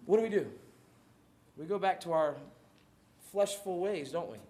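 High-voiced animated pastor, echoey room. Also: male voice, normal speed. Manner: animated, jokey, acts out Bible scenes. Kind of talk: sermon.

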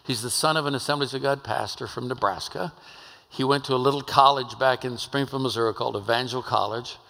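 A man's voice: mid-range voice, a little fast, creaky, pushed and bright. An older man, a pastor, telling a story in a conversational sermon in a church. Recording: long hall reverb.

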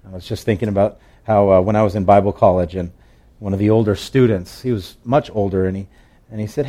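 A man's voice: on the low side, steady tone, quick pace, mellow. Man preaching in a chatty sermon. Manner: conversational storytelling with fillers and restarts. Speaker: pastor.

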